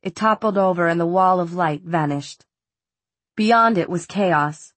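Audiobook narrator: woman, husky, lowish voice, steady and measured reading. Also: no echo. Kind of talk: scripted narration.

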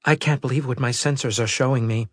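A man's voice: on the high side, a little fast, no room sound, studio quality, pitched above the performer's own voice, natural voice. A man voicing a tense female starship lieutenant giving clipped, anxious reports.

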